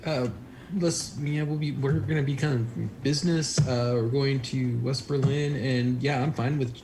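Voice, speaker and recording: A man's voice: medium pitch, steady tone, normal speed, darkish tone, a little hiss or hum, rough recording. Hesitant man player. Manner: hesitant, many fillers. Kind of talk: casual tabletop game chat.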